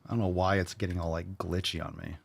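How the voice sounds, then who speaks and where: A man's voice: low-pitched, little pitch movement, fast talker, vocal fry, slightly rough. A man hosting a fitness show in casual livestream chat, brash and joking, swearing freely.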